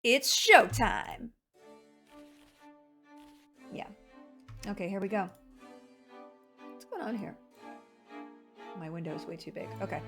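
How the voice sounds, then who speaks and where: A woman's voice: mid-range voice, sing-song, takes it slowly, long pauses, fairly bright tone, soft background music. Woman streaming a game, chatty, rambles on to her chat. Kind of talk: casual live-stream chat.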